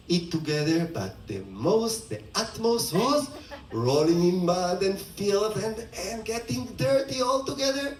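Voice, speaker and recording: Animated, playful male storyteller. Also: high-pitched. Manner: animated, playful, laughing asides. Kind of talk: retelling a myth to an audience. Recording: roomy, distant mic, faint ambience.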